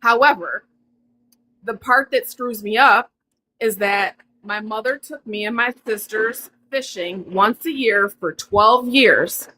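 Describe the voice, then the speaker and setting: A woman calling in to a live show, telling an emotional personal story in a rushed, earnest, apologetic way. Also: fairly high pitch, pushed and bright, a little hiss or hum, poor audio. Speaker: caller.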